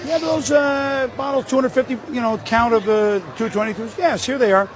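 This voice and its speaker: A man's voice: very high-pitched, a little fast, background noise. A male sports broadcaster joking and rambling in off-air banter from a played clip. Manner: rambling, jokey storytelling.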